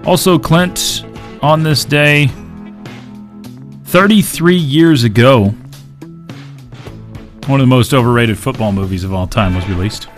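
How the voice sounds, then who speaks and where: A man's voice: mid-range voice, measured pace, long pauses, soft background music. A man hosting a casual sports talk show, cracking dry jokes and reading trivia. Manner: joking, dry, reads out dates and trivia. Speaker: host.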